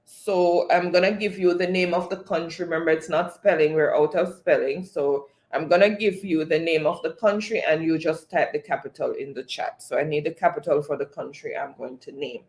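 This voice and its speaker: A man's voice: a little high, fairly even intonation, normal speed, hardly any pauses. A man with a Jamaican accent hosting a livestream quiz, reading chat aloud and laughing often.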